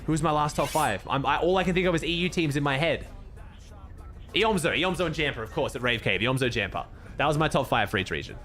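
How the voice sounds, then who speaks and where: A man's voice: on the high side, quick pace, a bit bright, faint music behind. A young Australian man streaming casually, laid-back and cursing freely as he thanks viewers and comments on the game.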